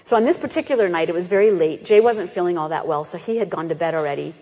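A woman's voice: fairly low pitch, fast. Woman telling a story in a reverberant hall. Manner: animated, acts out quoted voices. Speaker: animal sanctuary founder giving a talk. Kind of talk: storytelling presentation. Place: festival stage in a hall.

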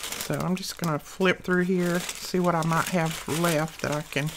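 Older woman, crafting host, casual homey chat, slightly low voice. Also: steady tone, a little slow, background noise. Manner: chatty, homey storytelling while crafting.

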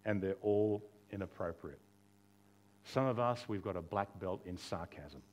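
Speaking a little slowly in a low voice, a male pastor delivers a sermon in a conversational style. Along the way he asks rhetorical questions, slips in humor, and acts out the lines he quotes.

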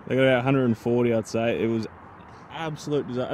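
An Australian man filming and commentating his golf round outdoors, excitable and chatty. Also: medium pitch, fast, a little hiss or hum. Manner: lively, excitable.

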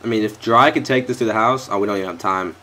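Speaking quickly with a sharp tone and a lowish voice, this young man curses his players as he commentates his own football video game live. He's a gaming YouTuber, right up on a headset or desk microphone.

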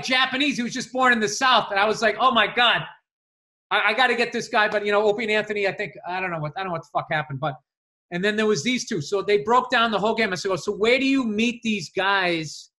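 A man co-hosting a podcast, telling animated stories in casual chat and swearing freely. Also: sits high. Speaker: podcast co-host.

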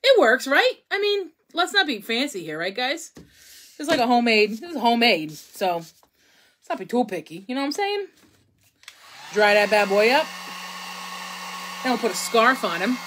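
A woman's voice: fairly high pitch, very animated, moderate pace, long pauses, a bit bright, slight background noise, low-quality recording. A woman, hosting a casual live painting tutorial, chatty and rambling as she talks to viewers while she works at home. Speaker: craft live-stream host.

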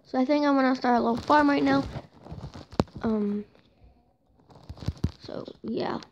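Woman, casual gameplay commentator; higher voice with vocal fry; rambling, self-deprecating; muffled lo-fi home recording. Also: a little slow, background noise. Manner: chatty, self-mocking, often apologizing. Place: home room with noisy brothers and a cat.

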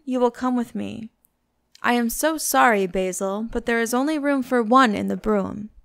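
A woman voicing a witty, languid aristocratic gentleman with a cynical, epigrammatic manner in an audiobook. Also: fairly high pitch, vocal fry.

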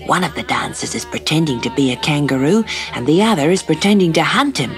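A woman voicing a gentle, brave mother kangaroo on a storybook tape, with a hushed and warning murmur. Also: deep voice, expressive, a little fast. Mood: gentle, earnest. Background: soft story music.

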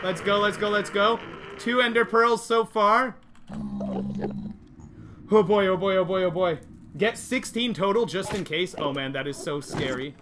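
A man streaming a game live, nervously and excitedly talking to his chat as he plays. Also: high voice, normal speed, background noise. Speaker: gaming livestreamer. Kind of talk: live gameplay commentary.

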